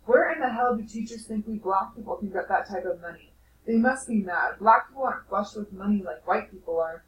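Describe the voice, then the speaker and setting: A woman's voice: mid-range voice, fairly quick, lightly acted. Stern, sarcastic father, as a teacher reads him aloud. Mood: scolding. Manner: emphatic, sarcastic. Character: stern stingy working-class father, gruff. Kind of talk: reading a novel aloud to a class. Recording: distant echoey classroom, faint noise.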